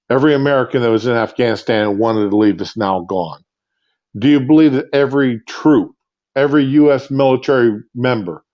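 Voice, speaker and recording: A livestream host with a medium-pitched, darkish voice goes on an angry, off-the-cuff rant, rambling with lots of fillers and false starts. It's picked up on a phone's earbud mic, giving muffled lo-fi audio.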